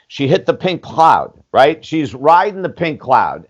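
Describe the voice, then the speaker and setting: The audio has its highs cut off, and the man speaks unhurriedly in a fairly high voice with hardly any pauses. A sixty-something life coach on a podcast, he tells his story frankly and animatedly, voicing quoted dialogue, saying "you know" often, and swearing casually.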